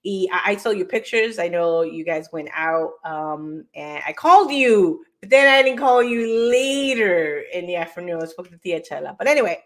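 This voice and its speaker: Female host from New York, upbeat and self-deprecating, loose chatty delivery. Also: lowish voice. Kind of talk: casual live show chat.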